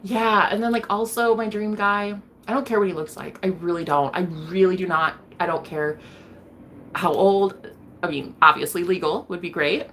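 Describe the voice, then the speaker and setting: A woman's voice: on the low side, steady tone, moderate pace, a bit bright, slight background noise. A woman streaming to her viewers, chatting casually as she reads their comments. She is blunt, swears freely and laughs often. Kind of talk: casual livestream chat.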